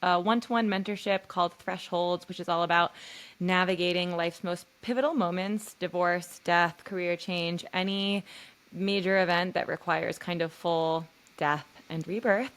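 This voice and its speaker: Earnest low-voiced woman on spiritual growth. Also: fairly even intonation, moderate pace, a bit bright. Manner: earnest, spiritual, talks in loose run-on thoughts with many fillers. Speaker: podcast guest, spiritual guide and coach. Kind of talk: reflective conversation.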